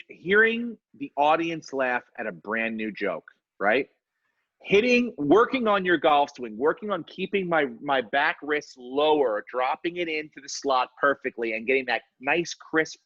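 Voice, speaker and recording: A man's voice: on the high side, fairly bright tone, dry recording, muffled recording. A man in his forties hosting a podcast in casual chat, rambling and profane with self-deprecating asides. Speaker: podcast host.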